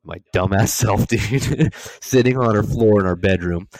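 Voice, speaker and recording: A man's voice: lowish voice, measured pace, a little mellow, dry recording. A young man co-hosting a podcast, telling stories animatedly, swearing and laughing as he goes. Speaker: podcast co-host. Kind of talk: casual storytelling chat.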